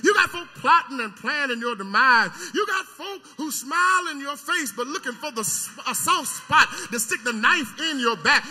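A man preaching in a church, his voice pitched very high and ringing bright. He swings from quiet explaining to full-throated shouting and repeats words as he builds. The sound carries a long hall reverb. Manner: swings between soft teaching and loud shouted preaching; stammering repetitions, call-and-response with the congregation. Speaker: pastor. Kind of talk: sermon. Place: church sanctuary.

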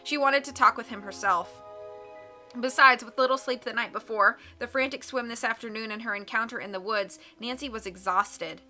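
A woman narrating an audiobook in a clear, expressive reading voice. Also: on the high side, normal speed, faint music behind. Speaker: audiobook reader.

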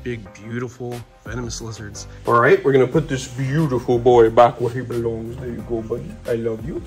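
Over soft background music, a young reptile keeper speaks fairly quickly in a steady, medium-pitched voice. His casual care vlog about his snakes and lizards is shot on a phone propped on a can, and he stays chatty and excited, cooing at the creatures.

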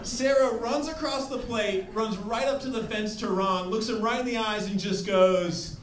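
A man doing stand-up comedy on a club stage, telling a story with animated, incredulous delivery. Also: high voice, normal speed, a little hiss or hum. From Denver area. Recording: roomy, distant, loud crowd. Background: audience laughter.

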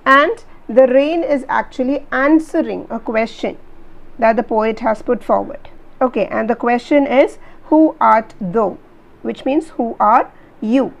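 A woman with an Indian English accent teaching a poem line by line. She reads the verses slowly and then explains them in plain words. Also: fairly high pitch, gravelly, a little mellow, rough recording.

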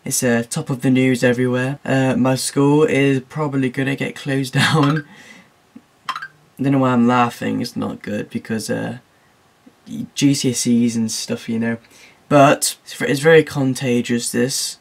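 A man's voice: mid-range voice, fairly even intonation, measured pace, vocal fry. Teen boy, casual vlog chat, rambling, giggly, jokey. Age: teens. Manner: rambling and jokey, laughing at his own remarks. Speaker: YouTuber.

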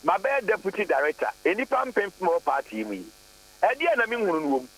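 A man's voice: high voice, very animated, fast, a bit bright. A man with a Ghanaian accent, phoning in to a radio talk show and speaking in an emphatic, defensive way. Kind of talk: phone-in radio chat. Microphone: phone. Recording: tinny phone line with hum.

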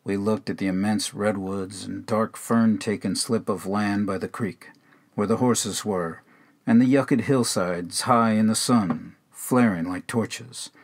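A man reading a narrative poem aloud in a measured, unhurried way. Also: fairly low pitch, fairly even intonation. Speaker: reader. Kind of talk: poetry reading.

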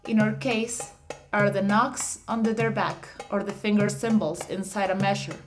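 A woman narrating an instructional audiobook, reading definitions in a measured, explanatory way. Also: medium pitch, fairly even intonation, faint music behind. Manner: measured, explanatory reading with slightly awkward phrasing.

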